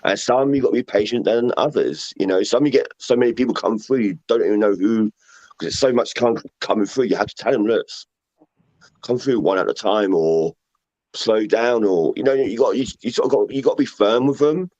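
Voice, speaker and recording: A man's voice: lowish voice, brisk, warm tone, no echo. Rambling London man, muffled lo-fi audio. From England. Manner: rambling, many fillers and repeats. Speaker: guest paranormal investigator. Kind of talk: casual chat.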